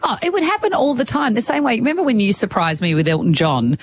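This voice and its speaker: Fast-talking radio co-host. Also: mid-range voice, animated. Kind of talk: casual chat.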